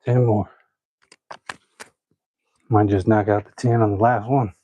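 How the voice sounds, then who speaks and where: A man's voice: fairly low pitch, steady tone, unhurried, slightly rough, phone-quality sound. A man chatting casually to viewers while he works out at home, joking, laughing often and counting his reps aloud. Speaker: fitness vlogger. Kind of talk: casual chat during a workout.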